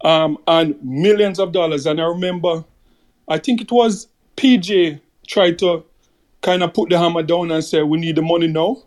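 A man with a slightly raised pitch chats casually on a podcast. He rambles through a story, circling back with "you know" and "like" as he goes. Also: moderate pace, a little mellow. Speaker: podcast co-host. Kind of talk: casual chat.

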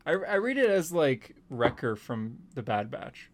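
A man hosting a casual podcast, retelling a comic plot with animated laughs. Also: medium pitch, measured pace. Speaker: podcast host. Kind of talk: casual comic book chat.

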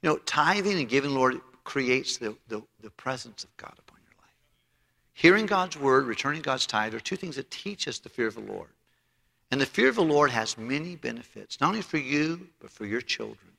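A man's voice: medium pitch, animated, a little fast, vocal fry, bright, forceful tone. A man preaching a sermon as pastor, emphatic and storytelling, often restarting his phrases, in a church auditorium. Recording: long hall reverb.

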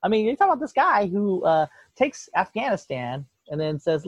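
A man rants in a casual political chat, swearing freely and slipping into mock voices. His pitch leaps all over, and his voice is a little husky. The sound is dry and dull, like a lo-fi podcast mic. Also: moderate pace, no room sound. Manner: profane, animated ranting with mock voices.

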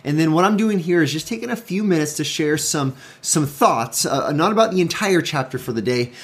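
A man's voice: a little high, lively intonation, brisk, breathy edge. A man who is a pastor, giving a conversational devotional Bible talk and often restarting and rephrasing his points with emphasis.

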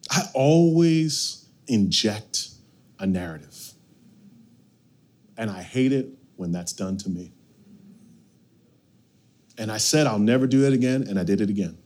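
A man preaching a sermon as pastor, animated, swinging from loud bursts to hushed lines. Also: fairly low pitch, a little slow, long pauses.

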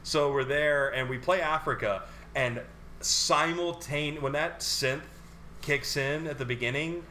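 A man co-hosting a podcast, telling a bar story in a relaxed, laughing way. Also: on the high side, unhurried, slight background noise. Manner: laughing, easygoing anecdote teller. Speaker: podcast co-host. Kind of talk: casual chat.

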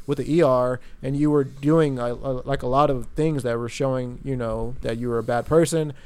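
A man's voice: mid-range voice, fairly even intonation, moderate pace, a little mellow, clear, resonant tone, natural voice. A man quoting another man who insistently accuses a woman of following him and of being aggressive. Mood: accusing.

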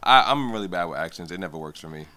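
A man co-hosting a podcast, telling stories in animated, profane chat that often trails off into mumbles. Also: low voice, rapid-fire. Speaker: podcast co-host. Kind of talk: casual chat.

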